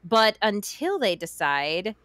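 A woman's voice: mid-range voice, big pitch swings, takes it slowly, a bit bright, dry recording. A woman guest in casual podcast chat, playful and teasing.

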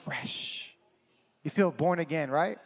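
A man preaching a sermon in an animated way, acting out scenes and swinging from shouting to a hush. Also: sits high, normal speed. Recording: hall reverb.

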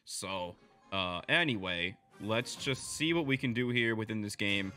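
Bright-voiced excitable young man gaming. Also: on the low side, faint music behind. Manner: excitable, bursts into loud yelling at teammates; quick chatty play-by-play, swings between mumbling and shouting. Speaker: gaming video creator. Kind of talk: live gameplay commentary.

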